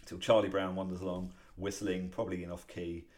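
A podcast co-host with a very low, deep voice chats in a relaxed way, retelling comic strips panel by panel. He talks fairly quickly, with an animated delivery and bursts of laughter.

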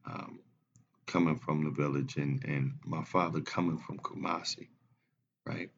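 Slow, deep-voiced young man. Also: gravelly, highs cut off. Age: 20s. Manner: animated storyteller, laughs often. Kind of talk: casual podcast chat.

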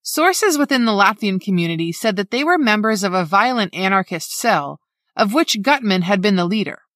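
A woman reads a scripted true-crime account with a bright, forceful tone and lively pitch. She is measured and exact as she lays out numbers and names. The sound is dry and close. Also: no room sound. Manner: measured, reads dates and figures precisely. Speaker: narrator.

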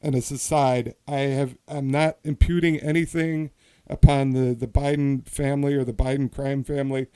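A man's voice: medium pitch, little pitch movement, moderate pace, warm tone, smooth. A man hosting a casual political comedy podcast, telling a rambling story that keeps interrupting itself. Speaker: podcast host.

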